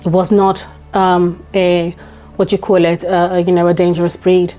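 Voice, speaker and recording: A woman speaks straight to her viewers in a warm, mellow voice, recounting her own experience. She is emphatic and repeats key points for stress. Faint music runs quietly beneath her voice. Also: on the low side, completely flat delivery, moderate pace. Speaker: vlogger. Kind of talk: personal storytelling to camera.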